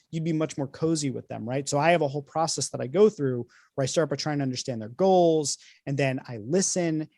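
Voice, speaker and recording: A man's voice: fairly high pitch, darkish tone, dry recording. A man with a slightly raised voice explains his ideas in a fluent, orderly way, stepping through each point of a process. The recording is dry and close, with no room sound around him. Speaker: author, guest host. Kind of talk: casual conversation.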